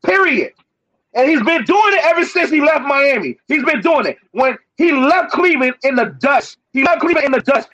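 A man with a very high voice argues basketball with heat, hammering his points again and again and talking over everyone. The sound is dull and lo-fi. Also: animated, moderate pace, fairly bright tone, no echo. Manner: emphatic, repeats himself, talks over others. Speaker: sports debater. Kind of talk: heated sports debate.

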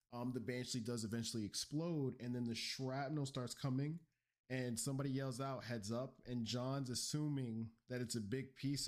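A man's voice: medium pitch, a little mellow. A man co-hosting a podcast, telling a story recap in a casual, rambling way with slang. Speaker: podcast co-host. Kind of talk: casual lore recap chat.

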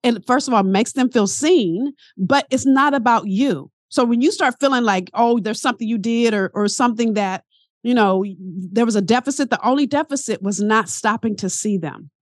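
A woman guest, a coach and teacher, talking in a casual interview as an animated, emphatic storyteller. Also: fairly high pitch, moderate pace, no room sound, clean studio sound.

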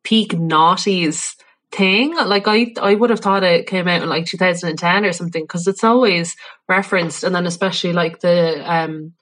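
A woman's voice: fairly low pitch, fairly even intonation, moderate pace, a bit bright. A young Irish woman co-hosting a podcast in casual, laughing chat full of fillers. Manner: chatty, laughing, filler-heavy. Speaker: podcast co-host.

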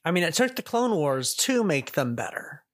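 A man's voice: on the high side, big pitch swings, moderate pace, fairly bright tone, no echo, studio quality. A young man hosting a podcast in casual chat, mostly brief agreement, then reading the closing sign-off. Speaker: podcast host.

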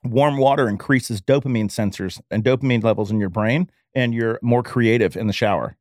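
A man's voice: mid-range voice, brisk, a little mellow, dry recording, studio quality. A man co-hosting a podcast, rambling through offhand trivia in casual chat. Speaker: podcast co-host.

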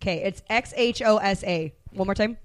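A woman's voice: mid-range voice, normal speed, dry recording. Chatty woman podcast co-host, dry sound. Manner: chatty, explains comic lore with laughs. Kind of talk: casual film chat.

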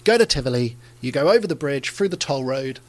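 An Englishman doing a genial Danish car collector, middle-aged man, friendly, insistent, mock Danish accent, medium pitch. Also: lively intonation, fast, close to an everyday voice. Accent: Danish, as put on.

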